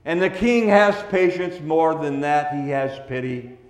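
A man preaching a sermon as a pastor, swinging between hushed, tender passages and loud, forceful ones. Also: on the high side, animated, measured pace, reverberant.

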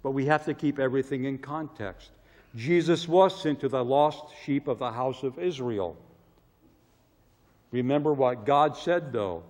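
A man preaching a sermon with emphatic delivery, his voice swelling loud and falling low. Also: unhurried. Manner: emphatic, rising to loud cries on quoted prayers, then dropping low. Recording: long reverb of a large hall.

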